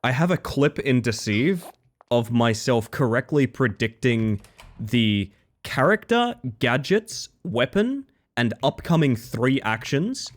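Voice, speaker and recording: An Australian man streaming a game, chatting casually with his viewers and often breaking off and restarting his sentences. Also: mid-range voice. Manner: rambling, self-interrupting, casual swearing. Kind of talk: casual live-stream chat.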